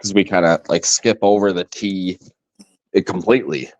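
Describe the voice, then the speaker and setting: Low-voiced chatty man, lo-fi mic. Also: normal speed. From Minnesota, USA. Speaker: host. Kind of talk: casual livestream chat.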